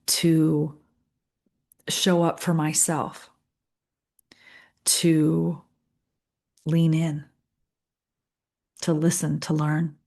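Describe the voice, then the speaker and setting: Low-voiced middle-aged lady coaching thru steps, calm and earnest, lots of little pauses. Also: gravelly. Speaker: leadership coach. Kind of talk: guided coaching session.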